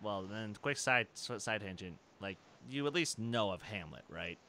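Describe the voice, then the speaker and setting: A man's voice: lowish voice, lively intonation, moderate pace, pushed and bright, a little hiss or hum. A man hosting a casual podcast chat, talking enthusiastically in long rambling stretches and laughing often. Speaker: podcast host.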